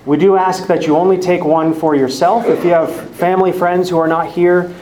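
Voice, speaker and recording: In an echoey church hall with faint ambience, a man who teaches a Bible study gives friendly, organized announcements to a live group. His voice is high and level with a darkish tone at normal speed, carrying a little hiss or hum.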